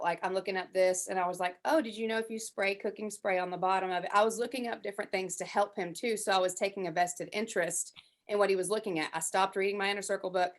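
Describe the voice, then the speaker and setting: Woman on a headset mic telling stories in a class, lots of "like", voices the quotes, medium pitch. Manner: chatty, many fillers, acts out quotes. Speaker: class participant. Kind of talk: casual sharing in a group class.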